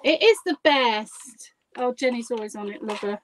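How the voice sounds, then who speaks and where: A woman with a higher-pitched voice speaks at a normal speed, demonstrating a craft project live as a guest crafter. She's chatty and giggly, poking fun at herself while she works. The audio quality is poor, with a slight hiss or hum.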